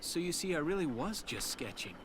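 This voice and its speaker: An actor playing a mild, easygoing young man who sketches nature in a video game, gentle and a little hesitant. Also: fairly high pitch, big pitch swings, brisk, a crowd in the background. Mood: flustered. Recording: game audio with faint music.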